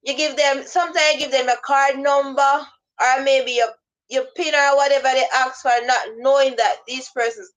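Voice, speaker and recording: A woman's voice: on the high side, poor audio. A woman giving casual advice about spotting scammers, rambling and acting out both sides of phone calls. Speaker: vlogger giving scam-awareness advice. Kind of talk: casual instructional talk.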